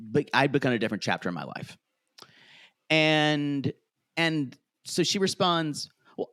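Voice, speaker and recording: A man's voice: mid-range voice, dry recording. A man co-hosting a podcast, chatting casually about a reality show and acting out what the cast members said. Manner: animated, quotes cast members in put-on voices. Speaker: podcast co-host.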